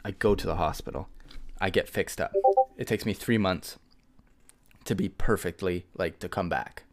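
Deep, gravelly man telling a wild tale. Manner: animated, playful, laughs often, speaks in quick bursts. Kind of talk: casual chat, storytelling a hypothetical.

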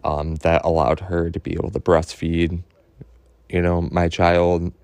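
A man with a low, dark voice tells his own story in a halting monologue, stopping and restarting often. He speaks earnestly and lets his feelings show, and a gravelly fry runs through his words. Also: flat delivery, no room sound. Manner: halting, with many fillers and restarts; earnest and openly emotional.

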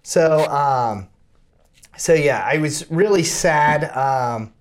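A podcast co-host telling a lively personal story, laughing often and acting out the people in it. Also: male voice, on the high side, drawn-out words. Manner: laughs often, acts out quoted voices. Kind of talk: animated storytelling.

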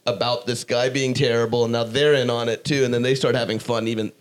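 A man's voice: mid-range voice, little pitch movement, quick pace. A man co-hosting a podcast, making dry jokes in casual chat. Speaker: podcast co-host.

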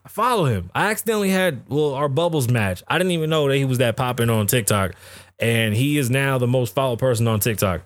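A man's voice: mid-range voice, animated, fairly quick, no room sound, clean studio sound. A man hosting a podcast, giving casual, profane and rambling commentary on the news. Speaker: podcast host.

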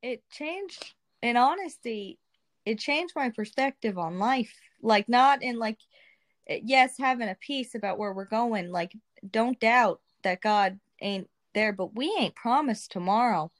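A woman's voice: a little high, animated, a little slow. A young adult woman earnestly and candidly sharing her faith testimony as a guest, in a colloquial way. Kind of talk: casual testimony retelling.

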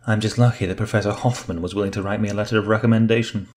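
Storybook role: a man doing a modest young woman student, low-key and understated, close to his own voice. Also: fairly even intonation, racing, background noise, close to an everyday voice.

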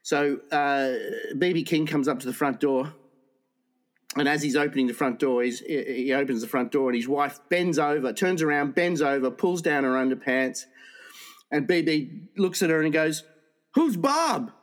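A man's voice: a little high, normal speed. A man casually telling jokes in a rambling way, often restarting his sentences and laughing at his own punchlines.

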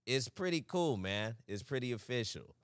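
A man's voice: mid-range voice, big pitch swings, normal speed, clear, resonant tone, no room sound, studio quality. A man co-hosting a podcast in casual chat, teasing his friend and laughing often. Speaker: podcast co-host.

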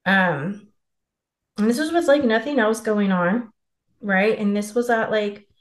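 A woman's voice: medium pitch, unhurried, roomy sound. A young woman co-hosting a podcast, telling a personal story in a candid, profane, laughing way. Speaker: podcast co-host. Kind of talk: casual storytelling chat.

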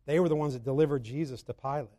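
A man preaching a sermon who swings between loud, emphatic passages and low, slow scripture reading. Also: long reverb tail.

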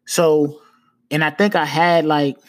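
A man's voice: on the high side, fairly even intonation, takes it slowly. A man hosting a podcast, retelling a personal story in a loose, repetitive, casual way and swearing freely. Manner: loose, repetitive retelling with frequent "you know what I'm saying". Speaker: podcast host.

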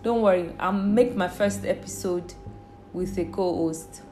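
A woman with a Nigerian accent hosting her own podcast in a casual, playful, chatty way, jumping between loud bursts and quiet asides. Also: lowish voice, unhurried, echoey room, faint music behind. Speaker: podcast host. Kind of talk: casual solo podcast chat.

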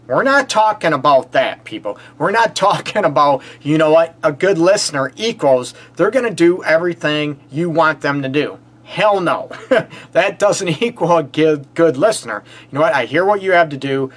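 A man's voice: a little high, animated, normal speed, a bit bright. A man with a Detroit accent hosting a relationship advice call-in show, talking emphatically with rhetorical questions, frequent "you know what" and short laughs. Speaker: relationship counselor and show host.

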